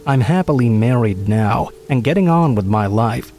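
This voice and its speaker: A man narrating true scary stories in a steady, measured storytelling voice. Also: mid-range voice, soft background music.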